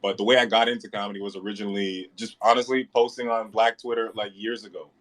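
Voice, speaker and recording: A man in his thirties talks as a comedian guest, easygoing and self-deprecating, chuckling through his stories. His voice sits a little low. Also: flat delivery, quick pace, fairly bright tone. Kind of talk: casual storytelling.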